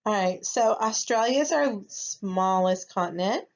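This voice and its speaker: A woman gives a recorded lesson to young children at an unhurried, careful pace. She speaks patiently and keeps checking that her students are following. The recording sounds a little dull and lo-fi. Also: mid-range voice. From United States. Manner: patient, slow, checks in with "okay?". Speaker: first grade teacher.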